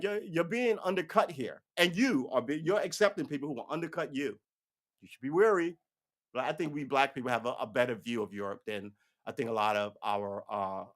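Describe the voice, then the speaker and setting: A man giving casual, profane political commentary on a livestream, ranting and slipping into mocking voices. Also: mid-range voice.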